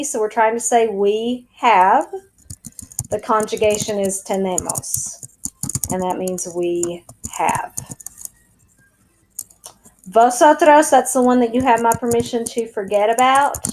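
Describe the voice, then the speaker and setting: A woman teaching a recorded lesson in a brisk, direct way, with light jokes. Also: on the high side, darkish tone, a little hiss or hum, rough recording. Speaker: Spanish teacher.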